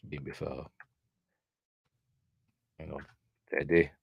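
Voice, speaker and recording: A man's voice: rumbling low, little pitch movement, slow, gravelly, husky, no room sound, muffled recording. A man with a Yorkshire accent hosting a film review, talking casually over the film with lots of fillers and chatty asides. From Yorkshire, England.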